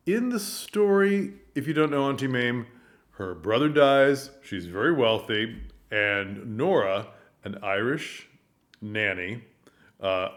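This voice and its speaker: A man giving earnest, animated commentary on a stage production, telling the story with frequent restarts. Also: medium pitch. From United States. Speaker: theater commentator. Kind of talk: casual commentary.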